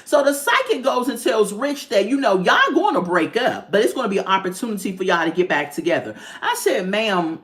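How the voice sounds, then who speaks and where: A woman's voice: medium pitch, big pitch swings, a little fast, hardly any pauses, fairly bright tone. A woman giving a casual, sassy recap of a reality show, laughing often and talking to her viewers. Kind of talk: casual commentary.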